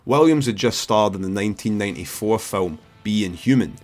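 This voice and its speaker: A Scottish film reviewer talking in a low voice, with an opinionated, sweary bluntness. His scripted commentary moves briskly. Faint music plays underneath.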